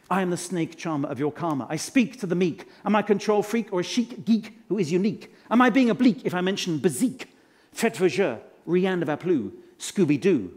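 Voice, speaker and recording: A man's voice: a little high, darkish tone. A man playing a pompous, self-adoring management guru in a live stage comedy act, spouting rhymes and quizzing the audience from a conference stage. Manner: showy rhyming wordplay, quizzes the audience. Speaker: motivational speaker character.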